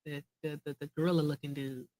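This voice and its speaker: A woman's voice: sits low, little pitch movement, quick pace, dark tone. Blunt, teasing woman host. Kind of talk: casual street interview and reaction chat.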